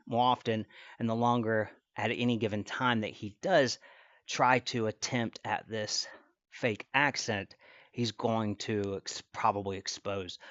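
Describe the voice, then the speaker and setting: A man's voice: lowish voice, fairly bright tone, dry recording, muffled recording. A man hosting a stream, giving casual commentary in a rambling way, full of fillers and restarts. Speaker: stream host.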